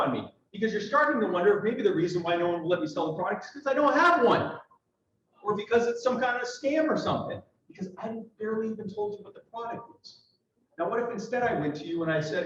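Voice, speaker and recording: A man with a slightly high voice delivers an emphatic speech to a party audience, firing off rhetorical questions and acting out both sides of small conversations. He is heard from a distance in a big, echoey room, and the sound is muffled. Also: expressive, quick pace, fairly bright tone, a little hiss or hum. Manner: emphatic, acts out little dialogues, rhetorical questions. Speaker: political speaker.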